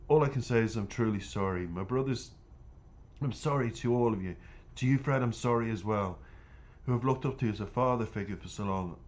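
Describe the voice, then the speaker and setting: A man's voice: on the low side, fairly quick, darkish tone, close to an everyday voice. A man voicing a remorseful boy who pleads and apologizes in a distraught tone in a storybook reading. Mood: pleading.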